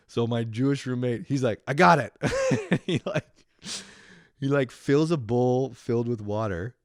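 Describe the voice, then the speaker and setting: A man's voice: mid-range voice, big pitch swings, measured pace, no echo, studio quality. A young man in his twenties, a podcast host telling a rambling story and ranting with constant swearing and laughter. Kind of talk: profane comedic rant.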